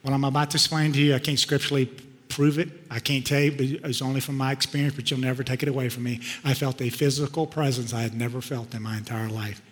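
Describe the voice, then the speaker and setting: A middle-aged man, a pastor, telling a personal story in a sermon, swinging from loud outbursts to hushed tones. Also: medium pitch, level tone, fast. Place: church sanctuary. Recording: long reverb of a large hall.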